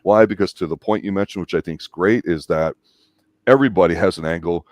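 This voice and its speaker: A man's voice: sits low, quick pace, dry recording, clean studio sound. A man co-hosting a movie review show, explaining scenes at length in a casual, emphatic way and acting out lines he quotes.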